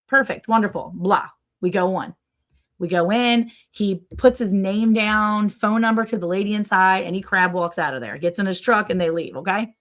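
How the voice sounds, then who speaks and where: A middle-aged woman from Maryland hosting a livestream, telling a long, animated story and acting out other people's voices. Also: medium pitch, normal speed. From Maryland, USA. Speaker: livestream host. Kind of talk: casual storytelling chat.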